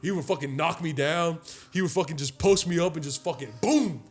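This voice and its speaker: A young man co-hosting a podcast, telling a long story in a casual, profane, animated way and acting out the other people's lines. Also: fairly high pitch, brisk, husky, soft background music. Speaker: podcast co-host. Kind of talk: casual chat.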